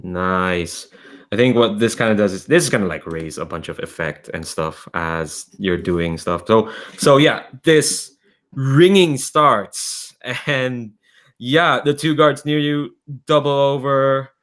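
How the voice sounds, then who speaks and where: A man's voice: mid-range voice, slow, fairly bright tone. A man narrating a tabletop game as game master, hesitant and full of ums and restarts.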